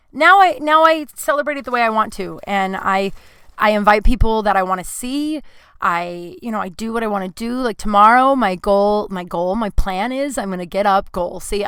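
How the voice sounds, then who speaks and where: Woman podcaster talking it out, teary, lots of "like", bright crisp voice, super dry closet sound. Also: medium pitch, dry recording. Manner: emotional, tearful, many "like" fillers. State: crying at times. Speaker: podcast host. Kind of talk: personal confessional monologue. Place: closet at home.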